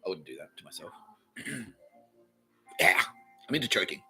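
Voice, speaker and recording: A man's voice: sits low, very animated, normal speed, sharp tone, soft background music, rough recording. Sweary rambling man. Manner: rambling, sweary, laughs at own jokes. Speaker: podcast host. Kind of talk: comedic storytelling monologue.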